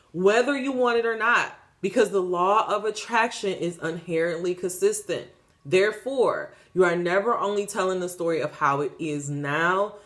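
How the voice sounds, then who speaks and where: A woman giving a spiritual tarot reading in a casual, preachy way. She swears freely and repeats phrases for emphasis. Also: lowish voice. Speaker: tarot reader.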